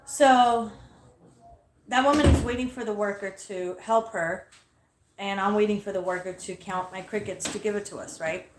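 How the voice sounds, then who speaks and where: A woman casually telling a story, animated and profane, quoting herself loudly. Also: mid-range voice, normal speed, echoey room, slight background noise.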